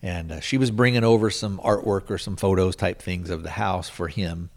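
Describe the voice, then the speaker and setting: A man with a somewhat low voice talks through a film's plot in a loose, unscripted way. He hedges and circles back often and leans on filler words as he recaps. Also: fairly even intonation, moderate pace. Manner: rambling, hedging with frequent filler words. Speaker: podcast host reviewing a film. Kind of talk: casual spoken plot recap.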